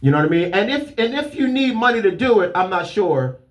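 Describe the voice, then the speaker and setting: A man's voice: high-pitched, big pitch swings, fairly quick. A man speaking emphatically, preaching advice with rhetorical questions to an audience. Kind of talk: motivational talk.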